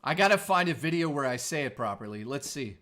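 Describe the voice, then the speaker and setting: A man's voice: mid-range voice, expressive, fast, pushed and bright. A man in his forties, a streamer host chatting casually in a laid-back, surfer-style way. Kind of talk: casual live-stream chat.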